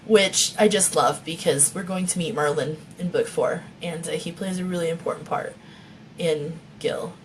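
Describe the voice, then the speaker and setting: A woman's voice: lowish voice, moderate pace, slight background noise. A woman author reading her novel aloud and chatting with viewers, laughing often and swearing freely, on a phone mic.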